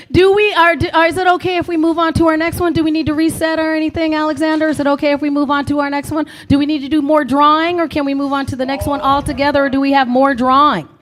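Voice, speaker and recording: A woman's voice: high voice, flat delivery, fast. A woman hosting a live comedy game show, bubbly and laughing often.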